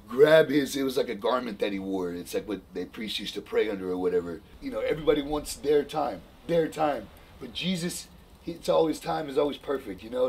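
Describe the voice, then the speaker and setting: A man in casual chat retelling a story in an animated, slangy way with lots of fillers. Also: on the high side, creaky, husky, poor audio.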